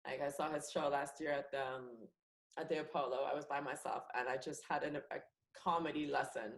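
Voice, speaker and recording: A young woman comedian from France with an international English accent, chatting on a podcast, lively with many fillers and restarts. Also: deep voice, a little fast, low-quality recording. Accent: international English, no French accent. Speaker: comedian and actress guest. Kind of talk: casual podcast chat.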